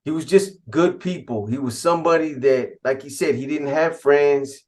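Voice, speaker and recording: A man's voice: a little high, normal speed. A man casually telling a first-person story in laid-back street slang, with frequent restarts and asides. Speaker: podcast storyteller.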